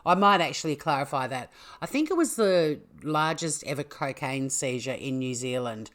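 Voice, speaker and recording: Australian woman host, casual storyteller, low voice, playful asides. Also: lively intonation, moderate pace, fairly bright tone. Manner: chatty, jokey, with asides. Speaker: podcast host.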